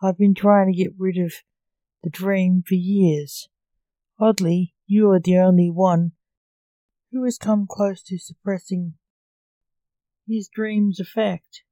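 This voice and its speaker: Casting: woman reading as a calm, earnest male dream spirit in a storybook, low-key and unhurried, mellow tone. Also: no echo, lightly acted, low-quality recording.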